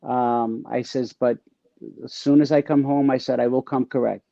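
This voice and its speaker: Gravelly man telling street stories. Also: mid-range voice, steady tone, normal speed, warm tone, dry recording. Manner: streetwise slang, stammering restarts. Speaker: interview guest. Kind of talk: casual storytelling. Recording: dull lo-fi dry sound.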